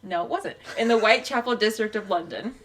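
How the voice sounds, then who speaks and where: A woman's voice: mid-range voice, a little fast, a bit bright, slight background noise. Chatty woman co-hosting a podcast. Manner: chatty, steers the talk back with "okay, well". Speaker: podcast co-host. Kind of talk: casual chat.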